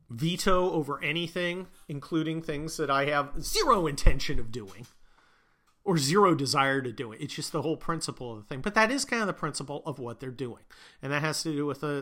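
A man's voice: mid-range voice, sharp tone. A man hosting a podcast, ranting sarcastically and profanely in a rambling way. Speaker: podcast host. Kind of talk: sarcastic political rant.

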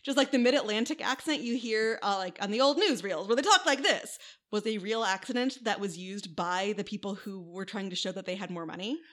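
A woman's voice: mid-range voice, steady tone, brisk, hardly any pauses. A woman from the American Midwest co-hosting a podcast, telling history in a chatty way with wry asides. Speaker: podcast co-host. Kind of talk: casual history podcast chat.

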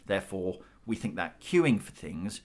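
A man's voice: low-pitched, big pitch swings, measured pace, a little mellow. A middle-aged British man in a panel discussion, thinking aloud with frequent restarts. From Britain. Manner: thoughtful, restarts often. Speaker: panel guest.

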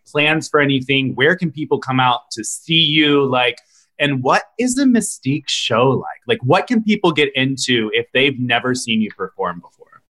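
A man hosting a casual podcast interview, chatty and quick to laugh. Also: medium pitch, bright, forceful tone. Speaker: podcast host.

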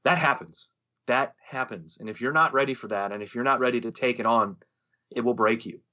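A man on a podcast telling a story in a lively, casual way, swearing and acting out what others said. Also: medium pitch, brisk, dull audio. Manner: animated storyteller, swears freely, acts out quoted voices. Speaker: podcast co-host, musician.

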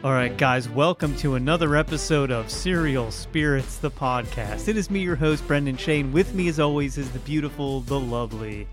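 A man's voice: mid-range voice, normal speed, hardly any pauses, over music. A man hosting a podcast in casual, playful banter with his co-host.

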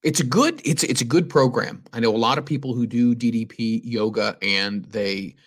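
A man's voice: mid-range voice, normal speed. A man hosting a casual interview chat, easygoing, laughing along and asking follow-up questions. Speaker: podcast host.

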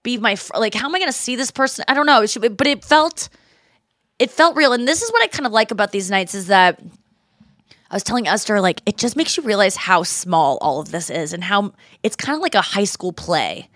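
A woman in her forties, a podcast host telling a story in casual chat, animated and slipping into quoted voices. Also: mid-range voice, brisk, no echo, clean studio sound.

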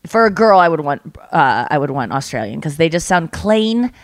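A woman's voice: sits low, normal speed, no echo, clean studio sound. A woman hosting a podcast, chatting casually and acting out stories with quoted voices. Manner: animated storyteller, acts out quotes. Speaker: podcast host. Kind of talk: casual chat.

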